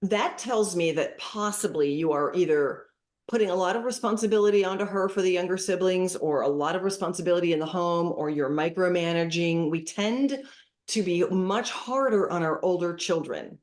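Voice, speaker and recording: A middle-aged woman giving parenting advice as a podcast guest, lively and acting out what to say to kids. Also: fairly low pitch, moderate pace. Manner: animated, acts out dialogue with kids as examples. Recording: roomy echoey room.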